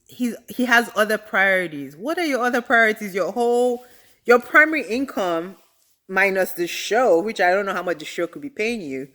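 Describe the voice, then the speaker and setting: Exasperated woman recapping reality TV. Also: medium pitch. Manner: animated, exasperated and slangy. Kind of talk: casual recap commentary.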